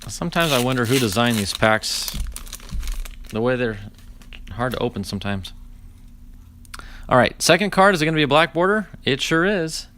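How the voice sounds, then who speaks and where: A man in his forties, hosting a live card-opening stream, chatty and animated, telling stories with dry sarcasm and greeting viewers. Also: medium pitch, moderate pace, pauses often, slight background noise. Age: 40s. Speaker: host opening card packs.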